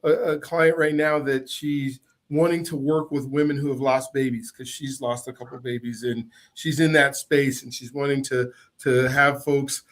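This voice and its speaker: A man's voice: medium pitch, flat delivery, moderate pace, hardly any pauses. A man hosting a podcast, asking long, rambling questions and giving supportive replies. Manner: supportive, rambling questions with many listening sounds. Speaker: podcast host. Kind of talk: casual interview conversation.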